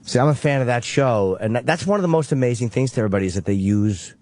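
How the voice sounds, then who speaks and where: A man's voice: medium pitch, quick pace, darkish tone. A male radio show host interviewing a guest in a casual, rambling way, dropping jokes. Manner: rambling, joking, self-aware.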